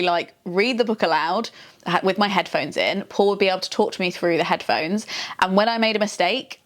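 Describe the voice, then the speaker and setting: A woman chatting casually to camera as a vlog host, explaining things step by step and laughing often. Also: mid-range voice. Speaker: author and video host.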